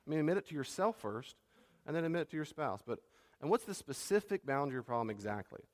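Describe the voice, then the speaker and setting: A man's voice: medium pitch, animated, fast, long reverb tail. A middle-aged man preaching a sermon as a pastor, talking conversationally and repeating key phrases.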